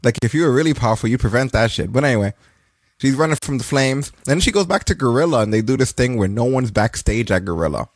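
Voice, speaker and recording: A man's voice: mid-range voice, expressive, fast talker, no room sound. A man casually recapping wrestling results on a podcast, loose and profane, cracking jokes as he goes. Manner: loose, profane, joking storytelling. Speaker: podcast co-host.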